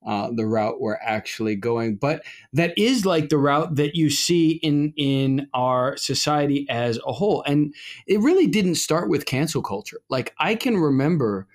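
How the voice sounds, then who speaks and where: Co-hosting a podcast, a middle-aged Orthodox priest talks with a fairly high pitch, animated but at a measured pace. He rambles casually in conversation, restarting often and using lots of fillers.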